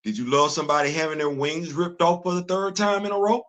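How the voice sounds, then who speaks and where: A man hosting a casual live-stream commentary, animated and rhetorical, laughing often as he talks. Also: fairly high pitch, fast talker. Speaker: host.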